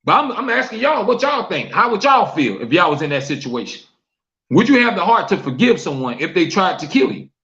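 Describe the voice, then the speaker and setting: High-voiced man hosting a live stream. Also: sing-song, fairly quick, pushed and bright, lo-fi sound. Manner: asks viewers questions, reads chat comments aloud; preachy, repeats questions for emphasis. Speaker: talk show host. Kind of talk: live-stream talk show monologue.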